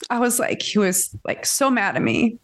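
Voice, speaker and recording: A woman's voice: fairly high pitch, very animated, moderate pace, fairly bright tone, no echo. A woman co-hosting a casual book club chat, sharing candid personal stories. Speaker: podcast co-host.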